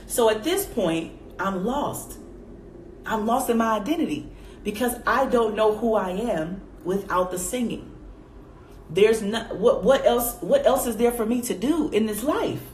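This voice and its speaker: A woman in her twenties telling a personal faith story straight to her viewers, calling them y'all and acting out her own past reactions in a high voice. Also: lively intonation, unhurried, a little mellow. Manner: addresses viewers directly as y'all. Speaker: faith vlogger. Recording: echoey room with faint background noise.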